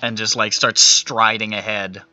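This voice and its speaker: A man's voice: fairly low pitch, flat delivery, unhurried, sharp tone, soft background music. A man narrating as game master of a tabletop game, casual and swearing freely.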